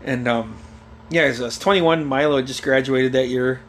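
A man's voice: mid-range voice, normal speed, a little hiss or hum. A man in casual chat, telling family stories with lots of laughter and swearing, acting out relatives' voices. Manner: animated storyteller who acts out family members' voices, swears and laughs often. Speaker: conversation partner.

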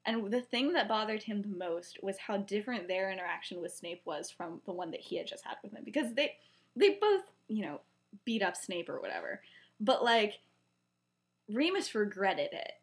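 A woman's voice: mid-range voice, expressive, moderate pace. A young woman co-hosting a podcast, casually retelling a story with many fillers and acting out the quoted lines. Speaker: podcast co-host.

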